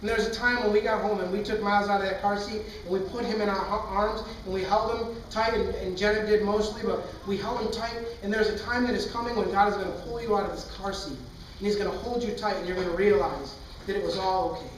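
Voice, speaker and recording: A man's voice: sits high, fairly even intonation, fast, a little hiss or hum. A young man, a pastor, preaching a sermon and telling a personal story in a candid, earnest, impassioned way. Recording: echoey hall, far from mic.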